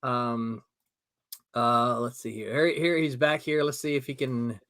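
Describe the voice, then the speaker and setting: Speaking at medium pitch and an unhurried pace, this middle-aged host of a live comics stream has a clean, fairly bright tone. He laughs a lot and reads out viewer comments over the desktop mic on his video call in a casual way.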